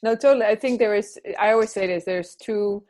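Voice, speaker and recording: A woman's voice: mid-range voice, brisk. A woman with a Dutch accent hosting a casual interview, affirming her guest often. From Netherlands. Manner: warm affirming, many fillers and restarts. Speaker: podcast host, yoga teacher.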